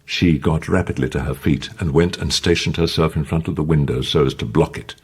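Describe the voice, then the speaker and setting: Deep dramatic male audiobook narrator. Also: a little fast, slightly rough. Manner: expressive, dramatic.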